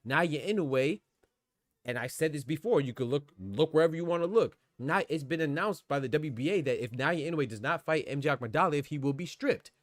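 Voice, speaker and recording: A man's voice: fairly high pitch, lively intonation, fairly quick, dry recording. A man hosting a live boxing podcast, arguing his point in a rambling, insistent way and reading out chat comments. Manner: argumentative, rambling, repeats "man".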